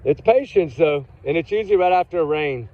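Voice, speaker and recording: A man's voice: a little high, lively intonation, a little fast, no echo. Rambling Texan man outdoors, tinny sound. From Texas. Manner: rambling, chatty, drifts off topic. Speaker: vlogger. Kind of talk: casual chat.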